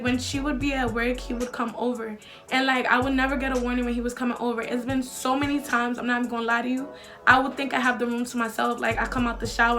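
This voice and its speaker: A young woman tells a storytime, with a fairly high voice and loose, slangy talk packed with filler likes and swearing. Faint music plays under her. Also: fairly bright tone. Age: young adult. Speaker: vlogger. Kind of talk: casual storytime.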